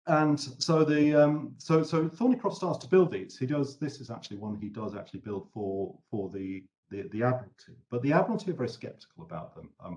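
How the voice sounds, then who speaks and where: A man's voice: on the low side, a little mellow. A man giving an informal history lecture in a chatty, wry way, full of fillers. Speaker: webinar presenter.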